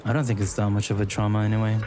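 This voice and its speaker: A man's voice: on the low side, little pitch movement, very fast, over music. Chatty young male streamer gushing. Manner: chatty, joking, gushing about designs. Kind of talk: casual live-stream commentary.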